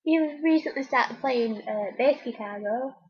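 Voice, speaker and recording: A woman questions her sister in a casual home interview, probing with a dry, teasing edge. Her voice is somewhat high and husky-breathy. The recording sounds dull and lo-fi. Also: measured pace.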